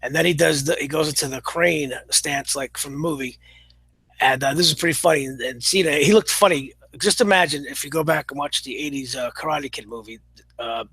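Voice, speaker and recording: Male reviewer, slightly high husky voice, halting delivery full of fillers, blunt. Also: fairly bright tone, no echo, rough recording. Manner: blunt, opinionated. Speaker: show reviewer. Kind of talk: casual spoken review.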